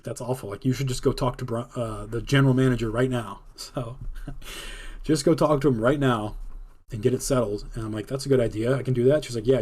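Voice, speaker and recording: A man's voice: medium pitch, husky. A man telling a personal work story in a casual monologue, acting out the quoted dialogue as he goes. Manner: fast, animated retelling with quoted dialogue.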